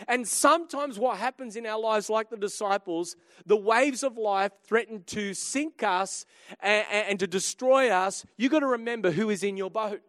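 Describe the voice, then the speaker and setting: A man preaching a sermon, telling a humorous family story with lively swings between quiet and loud. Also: very high-pitched, no room sound, studio quality. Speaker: pastor.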